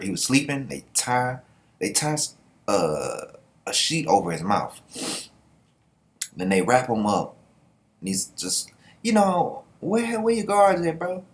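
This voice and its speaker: A man's voice: medium pitch, animated, takes it slowly, long pauses. A young man giving casual, sarcastic manga reaction commentary and laughing often.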